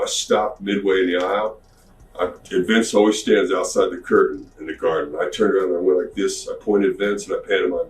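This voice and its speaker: A man casually telling an anecdote as a podcast guest, slangy and animated, recorded from a distance in an echoey room. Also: deep voice, fast talker. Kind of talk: storytelling anecdote.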